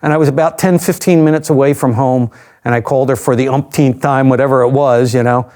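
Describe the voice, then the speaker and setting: A man's voice: mid-range voice, steady tone, quick pace, a little mellow. Older man recounting a personal story. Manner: reflective, conversational, with dry asides. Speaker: interview guest.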